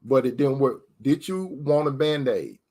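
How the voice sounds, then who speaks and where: A man's voice: medium pitch, animated, measured pace, dark tone. A man giving preacher-style relationship advice, asking rhetorical questions and calling listeners sister. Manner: addresses listeners as sister, repeats key phrases.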